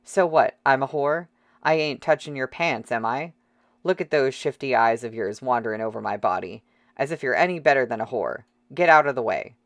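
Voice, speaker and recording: A reader voicing a fierce, defiant young woman who swears coarsely and shouts in a shrill voice, in an audiobook. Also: lively intonation, moderate pace, no echo. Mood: furious.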